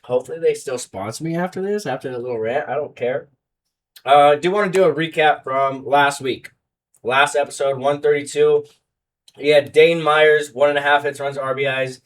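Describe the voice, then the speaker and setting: A man's voice: fairly high pitch, recorded from a distance. Casting: young male betting-show host, heated rant, sits back from the mic. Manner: heated, fast-swinging rant, loud then muttering. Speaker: sports betting podcast host. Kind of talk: ranting sports betting podcast.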